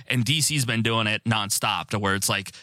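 A man's voice: lowish voice, normal speed, pushed and bright, no echo, studio quality. A man hosting a podcast in casual chat, rambling with lots of "like" and some swearing. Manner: rambling, confused, swearing, with filler "like". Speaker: podcast host.

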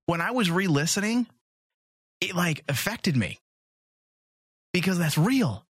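A man's voice: high voice, very animated, measured pace, slightly rough, no room sound, clean studio sound. A young man hosting a casual podcast, joking and self-mocking. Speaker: podcast host.

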